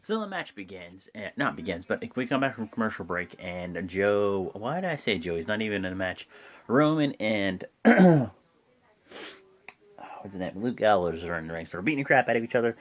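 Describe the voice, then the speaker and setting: Lively casual man recapping wrestling. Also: fairly low pitch, moderate pace. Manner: rambling, self-correcting, acts out quotes. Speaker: wrestling show reviewer.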